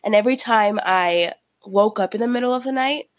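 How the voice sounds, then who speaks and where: A woman's voice: medium pitch, a little fast, no room sound. Stuffed-up young woman with a cold. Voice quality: nasal, congested. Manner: candid and swearing freely. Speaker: podcast co-host. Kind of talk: casual chat.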